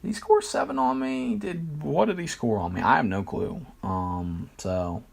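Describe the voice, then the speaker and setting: Streaming a football video game, a man walks through his plays in an unhurried, rambling way, hesitating with lots of fillers and poking fun at himself. His voice is slightly high, expressive, gravelly, and darkish in tone.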